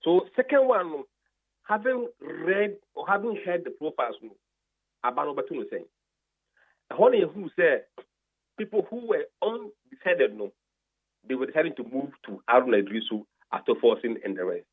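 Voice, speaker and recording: A man's voice: a little high, animated, normal speed, phone-quality sound. A Ghanaian man on a radio talk show, methodically reading out a long list of poll figures and explaining the results. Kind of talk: radio talk, switching between English and Twi.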